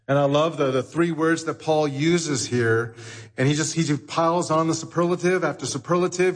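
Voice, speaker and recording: Husky-voiced man preaching in a church. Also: medium pitch. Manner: emphatic preaching, repeats phrases for effect. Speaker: pastor. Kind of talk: sermon. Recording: long hall reverb.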